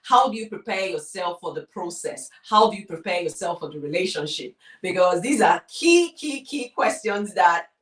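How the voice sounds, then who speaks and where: A woman's voice: on the low side, animated, normal speed, few pauses, recorded from a distance. Emphatic woman co-host, echoey room. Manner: emphatic, repeats key words, addresses the viewers directly. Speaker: co-host and lecturer. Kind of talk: conversational discussion.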